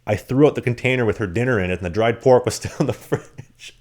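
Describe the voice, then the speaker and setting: Fast-talking man telling stories on a podcast. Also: medium pitch. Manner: animated, rambling anecdotes with acted-out quotes. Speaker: podcast co-host. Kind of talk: casual storytelling.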